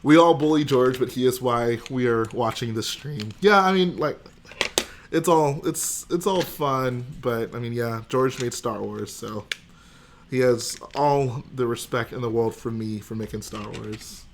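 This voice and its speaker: A man's voice: medium pitch, unhurried, noisy background. A young man hosting a casual livestream, joking and chatting with his viewers. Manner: joking, chatty, responds to chat. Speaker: livestream host.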